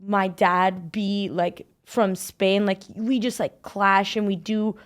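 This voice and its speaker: A woman's voice: mid-range voice, little pitch movement, takes it slowly. A young woman hosting a casual podcast chat, telling stories in a chatty way, full of "like". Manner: chatty storytelling, frequent filler "like". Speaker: podcast host.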